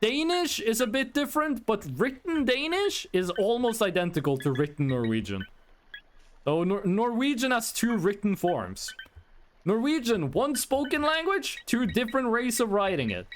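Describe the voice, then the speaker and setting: High, lively male streamer from Norway. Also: moderate pace, slight background noise. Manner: animated, rambling, answers chat mid-story. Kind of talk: casual storytelling to live chat.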